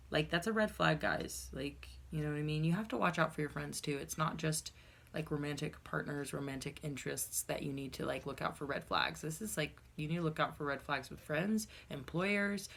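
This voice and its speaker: A tarot reader with a low, gravelly voice walks through a reading in a relaxed, conversational style, speaking fairly quickly. She's blunt and unfiltered, swearing freely and talking straight to her viewers. It seems to be a solo recording made to camera.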